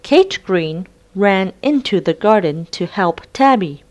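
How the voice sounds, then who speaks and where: Woman reading a storybook very slowly. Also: mid-range voice. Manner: clear, deliberate and lively. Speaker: storybook reader. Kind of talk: slow read-aloud storybook narration.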